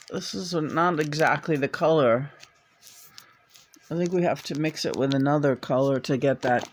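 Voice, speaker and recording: Playful, slightly high-voiced man rambling. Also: a bit bright, a little hiss or hum. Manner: playful, hesitant, breaks into meowing sing-song. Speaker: tarot reader. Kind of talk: casual rambling chat.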